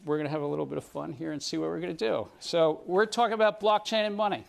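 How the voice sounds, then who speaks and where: A middle-aged man lectures a university class in a gravelly voice. He keeps it conversational, stopping often to ask the students questions, in a room with round tables. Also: a little high, fast talker.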